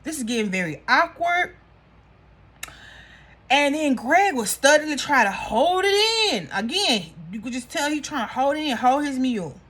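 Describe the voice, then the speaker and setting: A woman casually recapping a reality show episode, gossipy and animated, acting out what the cast said. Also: sits high, normal speed, few pauses. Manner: animated, gossipy, acts out quotes.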